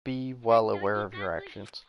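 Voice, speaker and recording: A man's voice: on the low side, moderate pace, close to an everyday voice. A man voicing a creepy, sadistic male teddy bear headmaster in a video game read-aloud, drawn out and mocking. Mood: lecturing.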